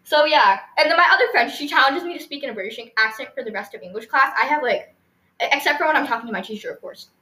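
Teen girl podcast host, bright high voice, giggly and rambly, echoey room. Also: lively intonation, fast talker. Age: teens. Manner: giggly, rambling, lots of fillers. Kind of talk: casual storytelling chat.

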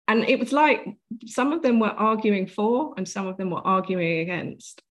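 A woman's voice: medium pitch, animated, a little slow. A woman guest on an interview, telling a personal story earnestly and vividly, acting out what was said. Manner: earnest, vivid retelling with acted-out quotes.

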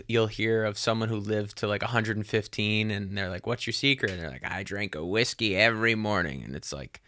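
A man's voice: fairly low pitch, fairly bright tone, dry recording. A young adult man hosting a podcast, musing in a casual solo monologue that rambles with many fillers and casual swearing. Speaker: podcast host.

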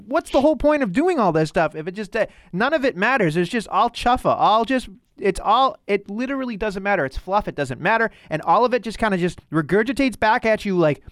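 A podcast co-host in casual wrestling chat, talking in a fast, animated, exasperated way. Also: mid-range voice, no echo, studio quality.

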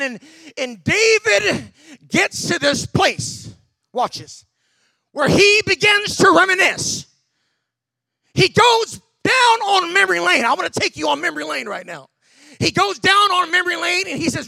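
A male pastor preaching a sermon in an emphatic style, with shouted bursts and many repeated words. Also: extremely high pitch, animated, unhurried, vocal fry, no room sound.

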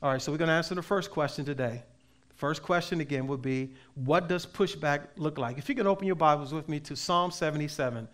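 Man, pastor, sermon, emphatic preaching, slightly high-pitched, swings from loud to soft. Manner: reads scripture aloud slowly.

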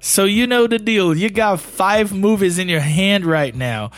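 A man's voice: high-pitched, unhurried, slight background noise. A man hosting a podcast, speaking English as a second language in a casual, chatty way full of "you know". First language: not English. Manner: conversational, heavy use of "you know". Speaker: podcast host. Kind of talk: casual solo podcast talk.

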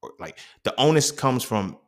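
A young man hosting a podcast, telling a personal story in a profane, animated, slangy monologue. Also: mid-range voice, normal speed. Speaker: podcast host.

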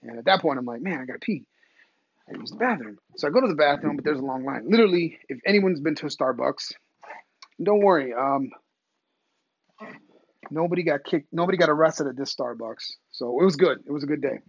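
Male podcast host, profane comic ranter, husky, swoops up and down, dry dull lo-fi sound. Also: on the high side, fairly quick. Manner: profane, animated ranting. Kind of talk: comedic monologue rant.

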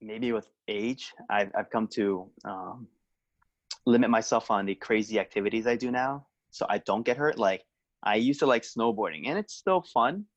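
A man's voice: on the low side, moderate pace, lo-fi sound. A man who works as a police officer, chatting easily on a podcast and telling stories. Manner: easygoing, storytelling with acted quotes. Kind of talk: casual podcast chat.

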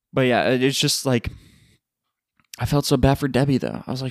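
Rambling, profane podcast host. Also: male voice, medium pitch, a little fast, long pauses, no room sound, clean studio sound. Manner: rambling, profane, animated, laughs often. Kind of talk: casual solo storytelling.

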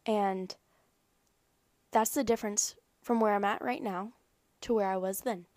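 Young woman, earnest, rambling, conversational faith talk, dry sound, mid pitch. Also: steady tone, a little slow, darkish tone, no echo. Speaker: faith vlogger. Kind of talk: personal faith talk to camera.

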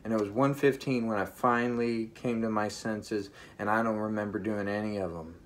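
A man's voice: on the low side, steady tone. Earnest man recounting a vision. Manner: earnest, emphatic, halting with restarts. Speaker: vlogger sharing a vision. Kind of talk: emotional personal testimony.

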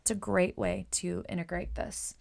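Chatty woman with a gravelly fry. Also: fairly low pitch, level tone, moderate pace, a little mellow. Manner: chatty, often acts out client conversations; repeats words and uses fillers. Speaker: hairstylist and Reiki practitioner. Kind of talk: casual coaching talk to fellow stylists.

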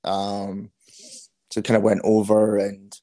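A Scottish man in his thirties with a fairly low voice, talking as a guest on an interview podcast. He tells his stories frankly and pokes fun at himself. The recording is dry and close, with no room sound. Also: monotone, slow pace, dark tone, dry recording. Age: 30s. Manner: frank, anecdotal, self-deprecating. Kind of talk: casual interview storytelling.

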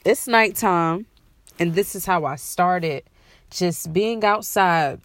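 A woman's voice: fairly low pitch, no echo. A woman hosting her own show, speaking heartfelt, repetitive affirmations outdoors at night, at times close to tears. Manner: slow, repetitive, soothing affirmations; emotional, tearful at times. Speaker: podcast host.

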